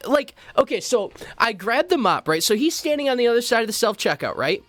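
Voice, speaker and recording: A man streaming live, telling a story in a profane, animated and rambling way with lots of fillers. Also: extremely high pitch, moderate pace, soft background music. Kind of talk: casual storytelling rant.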